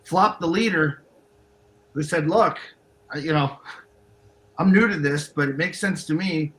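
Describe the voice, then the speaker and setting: A man co-hosting a podcast who talks with enthusiasm and is quick to praise. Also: fairly high pitch, poor audio. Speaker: co-host. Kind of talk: casual podcast conversation.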